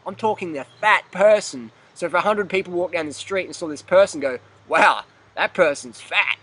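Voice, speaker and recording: A man's voice: high voice, brisk, fairly bright tone. A man ranting bluntly in a fitness vlog, profane, emphatic and repetitive. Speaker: fitness vlogger.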